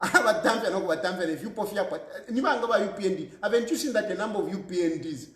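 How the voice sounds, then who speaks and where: A man's voice: high voice, racing, echoey room. A man with a Zambian accent giving emphatic political commentary, repeating his points and laughing often. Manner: emphatic, repetitive, mixes English and Bemba, laughs often.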